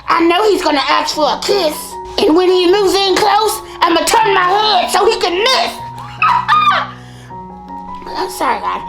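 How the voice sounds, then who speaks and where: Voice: very high voice, rough recording. A performer voicing a mischievous, food-stealing mermaid woman as the host of a comedic mukbang character skit, breaking into sing-song rhyming prayers. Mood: playful prayer.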